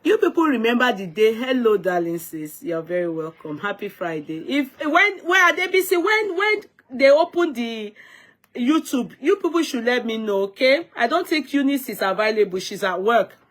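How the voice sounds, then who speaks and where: A woman's voice: a little high, very animated, normal speed, a bit bright. Emphatic Nigerian woman live-streaming. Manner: emphatic, scolding, repeats and restarts words; greets viewers by name. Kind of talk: unscripted live-stream commentary.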